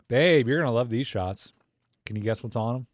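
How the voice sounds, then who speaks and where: Male livestream host, mid-pitched, chatty and enthusiastic, rambling and slangy, close dry sound. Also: brisk, no room sound. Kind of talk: casual live Q&A chat.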